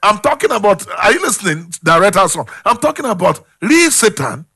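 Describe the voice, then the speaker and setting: Animated preacher with a gravelly voice. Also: male voice, high voice, a little fast. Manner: call-and-response preaching, swings from loud to hushed. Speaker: pastor. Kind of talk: sermon.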